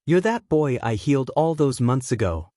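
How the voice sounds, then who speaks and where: A man voicing a fussy, doting elderly granny nurse, pitched well above his own voice. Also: very animated, moderate pace, warm tone, no room sound, studio quality, close to an everyday voice.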